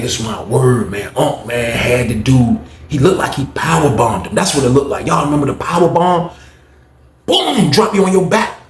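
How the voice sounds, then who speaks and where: A young man telling a story casually, animated, slangy and profane. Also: medium pitch. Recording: roomy echo, faint background noise.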